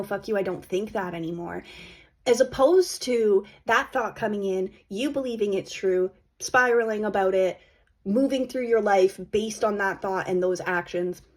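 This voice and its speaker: A woman's voice: medium pitch, darkish tone, slightly rough. A woman hosting a podcast, giving a blunt, emphatic motivational monologue and swearing freely. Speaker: podcast host.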